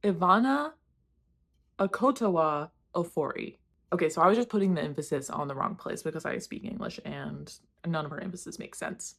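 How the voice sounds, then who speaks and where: A woman's voice: sits low, quick pace, creaky, few pauses, fairly bright tone, slightly rough. A woman casually reviewing books she read, candid and rambling, often poking fun at herself and swearing offhand. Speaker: book reviewer. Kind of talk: casual book wrap-up chat.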